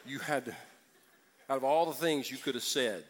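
A man's voice: medium pitch, normal speed, a little hiss or hum. A man preaching a sermon as pastor, joking and acting out voices from the congregation.

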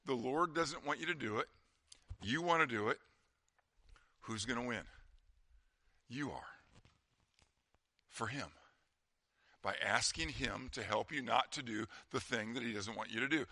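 A man preaching a sermon as pastor, talking conversationally and dropping to a quiet voice for emphasis. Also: medium pitch, unhurried, long pauses, dry recording.

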